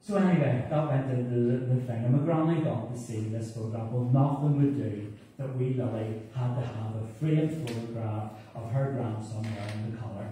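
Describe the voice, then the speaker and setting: A man's voice: medium pitch, moderate pace. A middle-aged man with a Northern Irish accent, a pastor telling humorous family stories in a sermon. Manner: warm anecdotal, humorous asides. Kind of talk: storytelling sermon. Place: church hall. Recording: echoey church from far off, faint noise.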